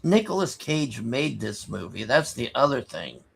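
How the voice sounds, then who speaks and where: A man casually recapping a movie plot, rambling and halting with many restarts, sighing in exasperation. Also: medium pitch, sing-song, vocal fry, slight background noise. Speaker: movie reviewer.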